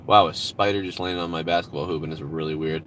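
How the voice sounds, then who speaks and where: A man's voice: extremely low pitch, fairly even intonation, fast, a bit bright, slight background noise. A man hosting a casual live stream outdoors at home, talking loosely and profanely while reading out viewer donations. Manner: rambling, profane, reads out donations.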